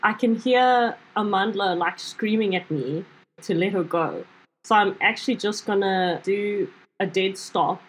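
A woman's voice: medium pitch, unhurried, breathy edge, rough recording. A woman playing a tabletop game, describing her moves in a dry, matter-of-fact way. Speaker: player. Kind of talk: casual tabletop game chat.

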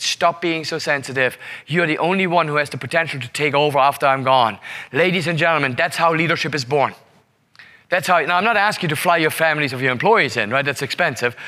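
A man's voice: high voice, bright, forceful tone. A man speaking as a leadership seminar presenter, telling a story to the room with emphatic repetition and frequent "right?" checks. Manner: emphatic, repeats words and asks "right?".

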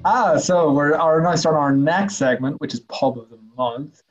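A man's voice: fairly high pitch, normal speed, music in the background. A man co-hosting a casual podcast over a video call, teasing and playful. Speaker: podcast co-host. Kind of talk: casual chat.

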